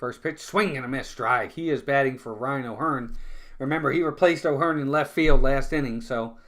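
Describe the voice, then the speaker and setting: A man's voice: mid-range voice, moderate pace, fairly bright tone. A man calling live baseball play-by-play in a casual, chatty way, often repeating words and talking to his viewers. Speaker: fan play-by-play streamer.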